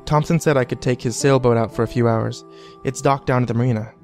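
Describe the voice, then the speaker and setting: A man voicing a husband who talks in a smooth, quietly assured way with a hidden menace. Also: mid-range voice, steady tone, fast, soft background music, natural voice. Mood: calm assured.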